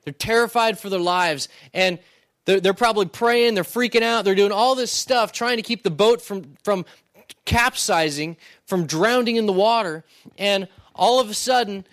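Guy pastor giving a casual sermon, pretty high voice, dry close sound, lots of "right?". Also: fairly bright tone, no room sound. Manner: conversational, asks "right?" often, restarts words.

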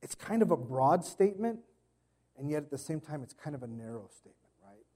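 Conversational man preaching, mellow voice. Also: fairly high pitch, very animated, a little fast, husky. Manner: conversational storytelling with playful impressions. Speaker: pastor. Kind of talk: sermon.

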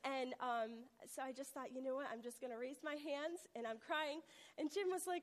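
Female preacher, high voice, earnest testimony delivery, church hall reverb. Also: steady tone, moderate pace. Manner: earnest storytelling, acts out quotes with rising intensity. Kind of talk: sermon testimony.

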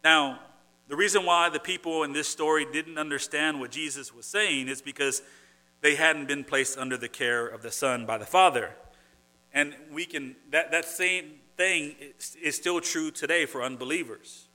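A man's voice: a little high, normal speed, sharp tone. A man preaching a sermon, earnest and conversational, who often restarts phrases and builds to emphatic points. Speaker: pastor.

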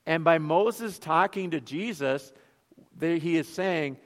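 Brief: Minnesotan-accented male pastor, fairly high voice, chatty sermon, long church reverb. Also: takes it slowly. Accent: Northern Minnesotan. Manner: conversational, rhetorical questions, joking asides.

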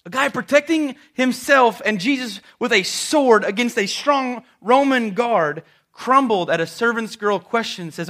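A man preaching a sermon to a congregation, telling the story dramatically and dropping suddenly to a soft voice. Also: sits high, expressive, normal speed, hardly any pauses. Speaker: pastor. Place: church service before a congregation.

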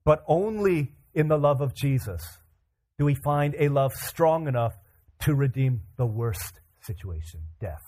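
A man preaching a sermon, animated, acting out the voices in the scripture with casual asides. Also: mid-range voice, unhurried.

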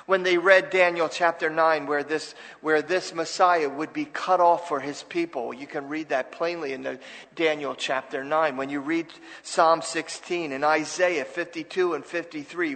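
A man's voice: a little high, fairly bright tone, in a large hall, low-quality recording. A man preaching a sermon as pastor, earnest and conversational, with restarts and asides to the congregation.

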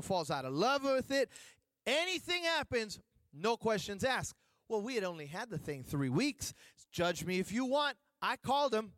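High-pitched male preacher telling a lively anecdote from the pulpit, dry and close. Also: no echo. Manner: animated, joking with the congregation. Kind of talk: storytelling sermon. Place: church.

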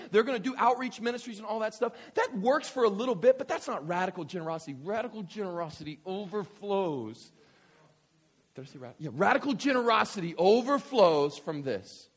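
A middle-aged male pastor preaching a sermon in an animated, joking, conversational way. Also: sits high, breathy edge.

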